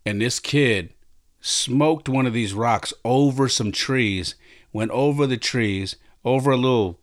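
A man's voice: mid-range voice, takes it slowly, no echo, clean studio sound. A man hosting a podcast, retelling a story in an emphatic, conversational way with frequent restarts. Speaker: podcast host. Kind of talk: casual storytelling.

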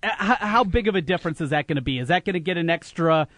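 Male sports radio host, high voice, emphatic, dry close studio sound. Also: fast talker, no echo. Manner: animated, emphatic, opinionated.

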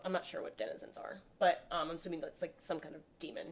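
A woman's voice: deep voice, fairly even intonation, quick pace, a crowd in the background. Chatty young woman podcast host. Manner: chatty, laughs often, many "like" fillers. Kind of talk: casual chat.

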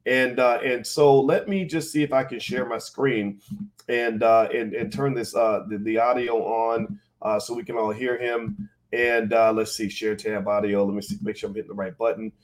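A man's voice: mid-range voice, fairly even intonation, normal speed. A man hosting a live-streamed podcast, talking casually to his chat with frequent fillers and restarts. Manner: conversational, many fillers and restarts. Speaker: podcast host. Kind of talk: live-streamed talk show.

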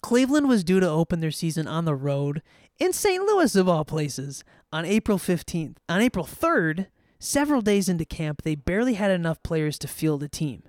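A man's voice: a little high, sing-song, moderate pace, darkish tone, dry recording, clean studio sound. Wry man narrating a podcast story. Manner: wry, joking asides. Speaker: podcast host.

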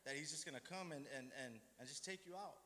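A man's voice: fairly high pitch, quick pace, sharp tone. A man giving an informal, self-deprecating sermon, rambling with many restarts and asides. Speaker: lay preacher. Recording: echoey hall with long reverb.

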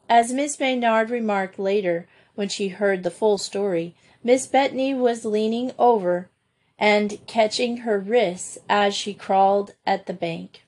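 Woman, storybook narrator, unhurried, measured, expressive, mid-pitched. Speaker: audiobook narrator. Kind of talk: storybook reading.

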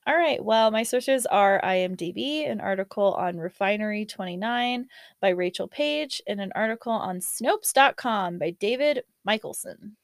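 A woman's voice: medium pitch, animated, moderate pace, no room sound. A woman hosting a casual chat, swearing and laughing, who also reads a scary story aloud. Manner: profane, laughing, chatty. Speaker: podcast host.

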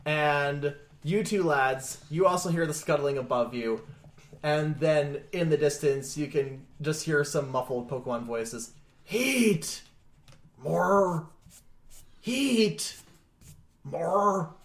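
A man narrating a tabletop game as its game master, his voice sitting a little high. He tells the scene in a relaxed way, tossing in chuckles and little sound effects, and the room around him rings with echo. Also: measured pace. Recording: echoey room.

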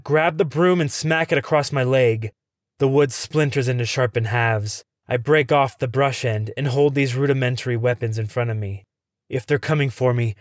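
A man reading a first-person horror story in a tense, suspenseful way, dropping to a hush at the scary moments. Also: medium pitch, no room sound, clean studio sound.

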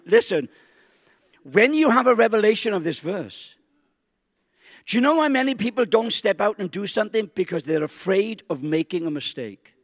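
A man preaching a sermon, emphatic and rising to exclamations with dramatic slow stresses. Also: high voice, big pitch swings, clean studio sound. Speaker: pastor. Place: large church hall. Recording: long hall reverb.

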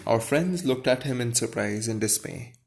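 Man, storybook read-aloud, slips and restarts, pauses to comment on the story. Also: medium pitch, animated. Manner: stops to question the story aloud; slips and restarts while reading. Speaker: reader.

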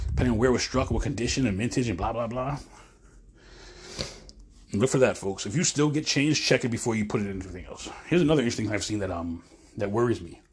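A man's voice: on the low side, breathy edge. A man in his forties hosting a podcast, talking in a casual, rambling monologue while pacing, often breaking off mid-phrase. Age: 40s. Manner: chatty, rambling, self-interrupting, addresses listeners as folks. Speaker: podcast host.

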